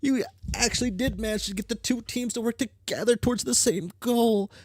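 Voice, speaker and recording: A blunt, sharp-tongued teenage troll girl from a webcomic, read aloud by a reader with a dry delivery. The sound is dry and close to the mic. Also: mid-range voice, fairly quick, no echo, voice pushed up, natural voice. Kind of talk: reading comic dialogue aloud.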